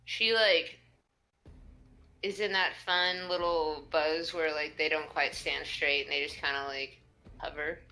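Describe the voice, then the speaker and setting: A woman's voice: low voice, steady tone, measured pace, pushed and bright, rough recording. A woman playing a tabletop role-playing game, chatting casually and laughing often as she describes her character. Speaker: player.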